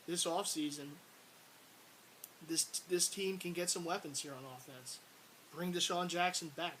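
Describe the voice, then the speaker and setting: A man's voice: on the high side, steady tone, measured pace, long pauses, fairly bright tone, poor audio. A man ranting about his team in a casual video, frustrated and rambling, repeating words and breaking into exasperated outbursts. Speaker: sports fan vlogger. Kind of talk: casual sports rant to camera. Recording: faint hiss.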